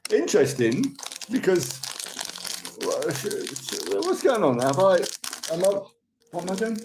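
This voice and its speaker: A man's voice: high voice, sing-song, slow, pauses often, noisy background. An older man from London with a Cockney accent, chatting casually and rambling as he reads viewers' messages and thanks them for gifts on a live stream.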